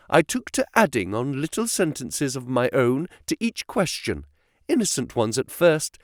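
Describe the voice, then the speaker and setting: A man's voice: medium pitch, no echo, clean studio sound. A man narrating an audiobook, telling the story with expression. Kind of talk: scripted narration.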